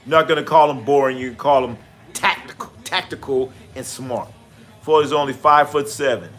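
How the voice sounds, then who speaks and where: A man hosts a live sports stream, chatting casually and profanely, telling stories and reading out names from chat, and gets animated when acting out his stories. His voice is medium-pitched and fairly quick, with faint music behind him.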